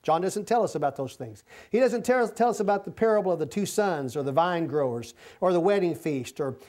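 Male preacher, high voice, folksy storytelling sermon with asides. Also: lively intonation, a little fast, darkish tone.

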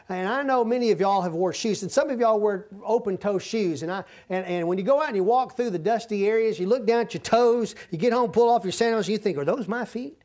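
A man teaching the Bible informally, folksy and given to halting restarts and repetition. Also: high-pitched, a little mellow. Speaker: preacher.

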